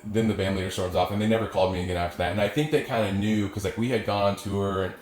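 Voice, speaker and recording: A lowish, steady-toned voice races along as this young musician guest from the Austin area tells a long story in casual chat. He rambles, swears often, and fills his speech with filler words, and the recording has an echoey room with faint background ambience.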